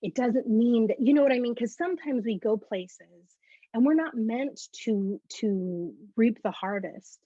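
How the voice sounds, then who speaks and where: A woman guest giving a personal faith testimony as an animated storyteller who acts out the conversations she recounts. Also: fairly high pitch, a little slow, no echo. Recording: muffled lo-fi dry recording.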